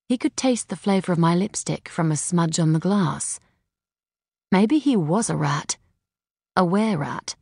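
A woman reading a first-person novel aloud as an audiobook narrator, in a steady, dry storytelling manner. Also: on the low side, a little slow, husky, dry recording.

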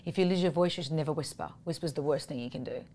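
A husky-voiced woman talks with a singer's earnest conviction. Her voice sits a little low, and she makes her points in short, emphatic phrases. She sounds slightly worn from singing a lot and sleeping little. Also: steady tone, rapid-fire, a little mellow, slight background noise. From Australia. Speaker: guest singer and vocal teacher. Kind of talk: conversational interview.

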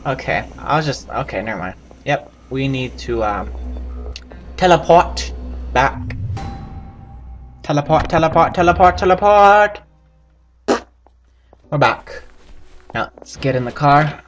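A man giving profane, excitable let's play commentary, yelping and laughing at the game. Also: medium pitch, measured pace, dull audio, soft background music. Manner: profane, excitable, yelps and laughs while playing. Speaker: gaming channel host.

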